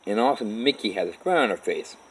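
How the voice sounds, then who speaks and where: A man telling his own life story in a halting, rambling way, with many restarts. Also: on the low side, expressive, slight background noise, poor audio. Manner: halting, with restarts and repeated "all of a sudden". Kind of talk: rambling first-person storytelling.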